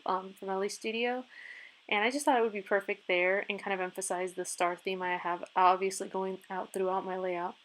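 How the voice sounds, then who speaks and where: A woman giving a casual, chatty voice-over for her crafting video, upbeat and quick to laugh. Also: mid-range voice. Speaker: craft vlogger.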